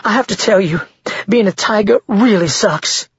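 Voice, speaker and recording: A man's voice: high voice, normal speed, slightly rough, dry recording, dull audio, pitched above the performer's own voice, heavily acted. A man voicing a frightened young woman who has turned shapeshifter, his voice trembling and anxious. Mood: wry.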